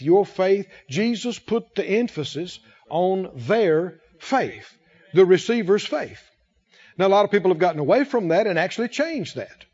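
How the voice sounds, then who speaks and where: Preacher guy with a high voice going through scripture, asks the church to answer back, muffled lo-fi sound. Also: a little mellow, slightly rough. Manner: preaching, quoting scripture and asking the congregation to respond. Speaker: pastor. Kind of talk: sermon.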